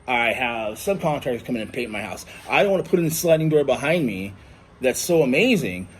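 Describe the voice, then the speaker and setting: A man's voice: medium pitch, big pitch swings, fairly quick, slight background noise. Blunt, profane male ranter. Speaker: vlogger. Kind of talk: angry ranting monologue. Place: indoors at home.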